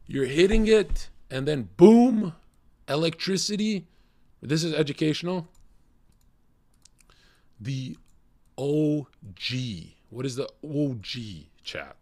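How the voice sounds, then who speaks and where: Loud brash guy ranting to his stream chat, cussing a lot, dry close sound. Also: a little high, animated, slow pace, pauses often, no echo. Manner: brash, profane and heated, lecturing. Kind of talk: livestream rant to chat.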